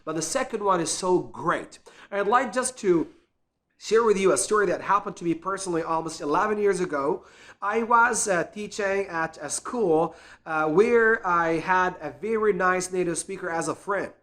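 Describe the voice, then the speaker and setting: A man's voice: high voice, normal speed, sharp tone. A man and English teacher giving an earnest, encouraging spoken lesson, repeating words to show pronunciation.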